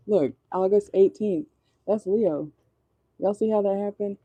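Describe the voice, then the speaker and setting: A woman's voice: medium pitch, a little slow, pauses often, mellow, husky, dry recording, lo-fi sound. A woman giving a casual tarot reading from inside a car, chatty and rambling, laughing often and swearing casually. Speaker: tarot reader.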